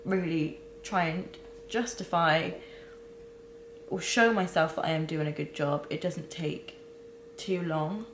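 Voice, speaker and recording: A young woman recording a candid personal vlog, talking haltingly with many restarts and close to tears. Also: low voice, roomy sound, slight background noise, low-quality recording. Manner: halting, searching for words, many fillers and restarts. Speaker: vlogger.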